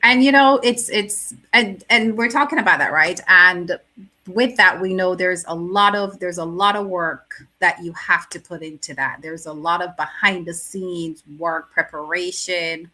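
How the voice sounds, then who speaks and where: A woman hosting a talk show, speaking slowly in a bright, rather low voice. She asks her guests measured questions. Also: low-quality recording.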